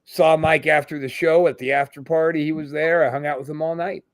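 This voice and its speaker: A middle-aged podcast host with a fairly high, steady voice speaks briskly, telling profane stories and imitating the voices of people he quotes. His throat tightens with emotion. The audio is clean studio sound with no room noise.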